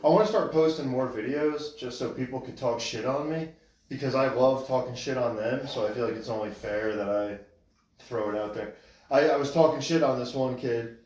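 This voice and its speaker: A man's voice: medium pitch, normal speed, darkish tone. A man co-hosting a podcast, telling stories in a laid-back, casual way and swearing freely. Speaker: podcast co-host. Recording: echoey room.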